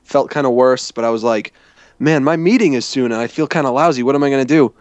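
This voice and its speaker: A man's voice: medium pitch, quick pace, no echo, dull audio. A man telling a long, meandering travel story in casual chat, often restarting his sentences. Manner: rambling, self-correcting storytelling.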